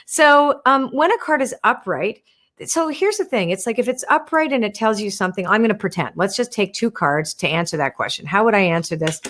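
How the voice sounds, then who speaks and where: A medium-pitched woman talks fairly quickly with lively intonation as she hosts a live stream. She gently explains oracle cards in response to viewer questions, sprinkling in plenty of "right?" and "you wanna."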